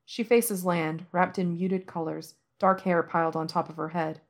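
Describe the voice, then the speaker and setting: A woman narrating a fan-fiction audiobook in a soft, measured storytelling manner. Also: lowish voice, steady tone.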